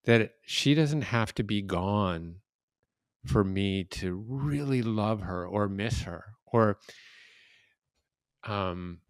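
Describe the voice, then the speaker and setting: A man in his fifties hosting a podcast interview, telling reflective stories in a casual, unhurried way. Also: fairly low pitch, expressive, no echo, studio quality. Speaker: podcast host.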